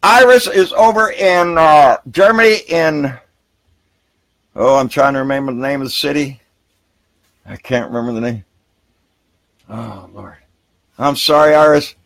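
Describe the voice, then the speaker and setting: A man hosting a live political talk show outdoors by a river, ranting heatedly and with plenty of profanity, then brightening to greet viewers by name. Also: fairly high pitch, animated, unhurried, vocal fry, pauses often, no room sound. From Texas. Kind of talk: live political rant and viewer shout-outs.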